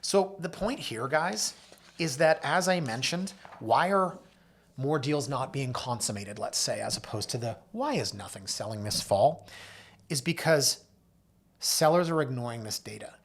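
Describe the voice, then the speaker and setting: With a mid-range voice and a measured, animated delivery, this man offers casual market commentary on his own real estate show. He's chatty and pokes fun at himself, reading numbers from a list with abrupt lifts in pitch. Someone is off camera in the office or studio where he's speaking.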